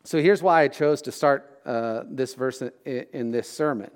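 A man's voice: medium pitch, unhurried, big-room sound. A man in his thirties preaching a sermon in a conversational, joking way, often asking his listeners questions. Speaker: pastor.

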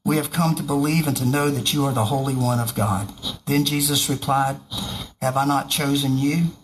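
A man's voice: medium pitch, steady tone, normal speed, low-quality recording. A man reading a Bible passage aloud and breaking off for informal, joking commentary. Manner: reads scripture aloud and breaks off for joking asides. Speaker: preacher.

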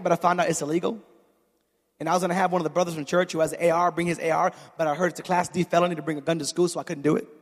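High-voiced man preaching in an echoing hall. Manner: storytelling, builds from chatty asides to shouted climaxes; calls for audience response. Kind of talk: sermon.

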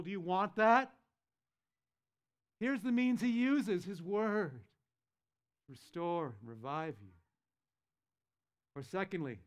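A man preaching a sermon, emphatic, repeating key words and putting questions to the congregation. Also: high voice. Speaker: pastor.

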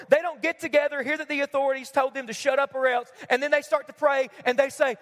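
A man's voice: very high voice, steady tone, fast, hardly any pauses, fairly bright tone. A man preaching a sermon as pastor, emphatic, repeating key lines and asking the congregation questions. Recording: long hall reverb.

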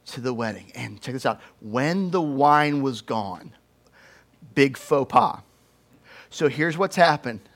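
A young man preaching a sermon, telling stories in an animated, joking way and doing playful voices. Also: fairly high pitch. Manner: animated, jokey storytelling with playful put-on voices. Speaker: pastor.

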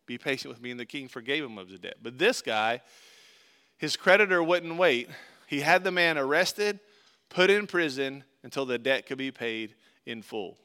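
Pastor guy preaching, crisp voice, gets loud then goes real quiet. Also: medium pitch, lively intonation, moderate pace. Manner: earnest, rises loud for story then drops soft. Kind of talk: sermon.

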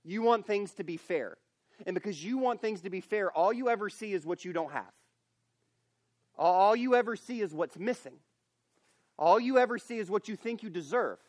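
A man's voice: high-pitched, animated, moderate pace, no room sound, clean studio sound. A man preaching a sermon at a camp, earnest and emphatic, often repeating and restarting phrases. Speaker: camp speaker.

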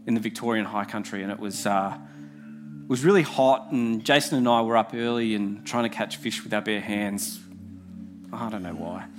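Man, young, preaching earnestly, repeats key phrases, soft music underneath. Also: medium pitch. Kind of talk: sermon.

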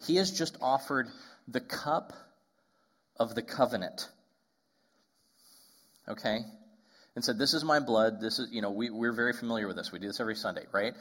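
A man preaching a sermon as pastor, talking conversationally with asides and restarts, and slowing right down on key phrases. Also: medium pitch, fairly bright tone.

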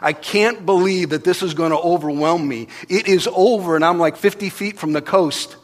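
Pastor preaching, kinda high voice, goes from hushed to loud, big echoey church hall. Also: male voice, normal speed. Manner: animated storytelling, swinging from hushed to loud, acting out voices. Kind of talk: sermon. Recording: long reverb of a large hall.

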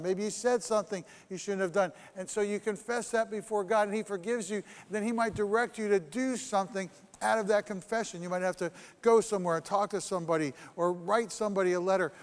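A man's voice: high voice, big-room sound. A man preaching a sermon, earnest and repetitive, acting out prayers in the first person. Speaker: pastor.

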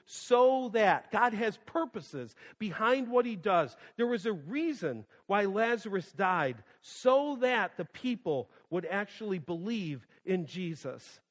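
A male pastor preaching a sermon, swinging from loud emphasis to hushed quiet and repeating phrases for emphasis. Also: a little high. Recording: long hall reverb.

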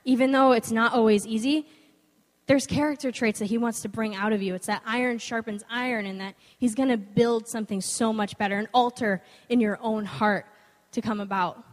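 A woman's voice: fairly high pitch, moderate pace. A young woman giving an informal, earnest devotional talk, weaving in a personal story, in a conversational manner. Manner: earnest, conversational, animated when quoting others. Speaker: speaker sharing a devotional. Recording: long hall reverb.

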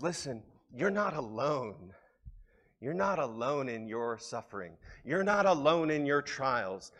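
A man preaching a sermon as pastor, moving between emphatic, raised passages and soft, intimate asides to his congregation. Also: mid-range voice. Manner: earnest preaching, rising to emphatic peaks then dropping to soft, intimate asides. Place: church sanctuary.

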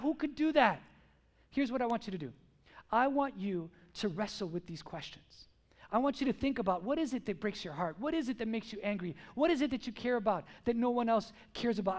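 A man preaching a sermon to his church, animated and full of rhetorical questions. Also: very high-pitched. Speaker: pastor. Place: church service.

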